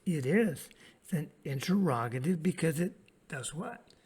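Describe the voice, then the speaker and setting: A man teaching an English grammar lesson to children, prompting his pupils to repeat lines and pausing for their answers. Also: on the high side, husky. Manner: lively, sing-song classroom delivery.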